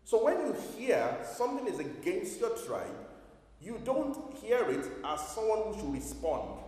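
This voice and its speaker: A man's voice: high voice, sing-song, unhurried, a little mellow. A man preaching a sermon to his congregation, emphatic, full of rhetorical questions. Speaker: pastor. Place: church hall. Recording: echoey hall from far off.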